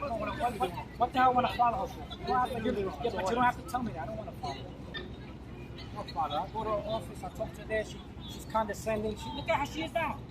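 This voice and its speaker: Loud, high-voiced man arguing on a noisy street. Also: quick pace. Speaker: street advocate. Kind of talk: heated street confrontation. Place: city street rally outdoors. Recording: noisy street with crowd and traffic.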